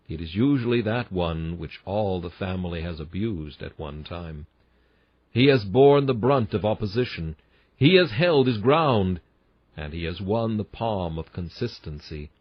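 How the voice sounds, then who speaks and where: A man's voice: fairly low pitch, breathy edge, no echo, muffled recording. A man reading a classic sermon aloud in an emphatic, earnest preaching cadence. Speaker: sermon reader.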